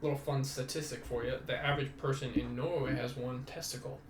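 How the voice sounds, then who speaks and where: A man's voice: medium pitch, fairly even intonation, brisk, slight background noise. A young man hosting a casual solo podcast, rambling and self-mocking, swearing freely. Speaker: podcast host.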